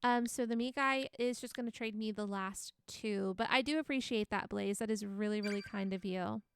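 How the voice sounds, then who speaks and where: A woman's voice: mid-range voice, normal speed, smooth, dry recording. A young woman streaming a game live, chatting casually, reading chat aloud and laughing often.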